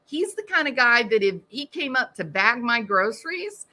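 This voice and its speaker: A woman's voice: on the high side, sing-song, moderate pace, bright, forceful tone. Wry chatty woman hosting a live stream. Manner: wry, chatty, laughs at her own jokes. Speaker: host of a true crime live stream. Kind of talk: casual live-stream chat reading comments.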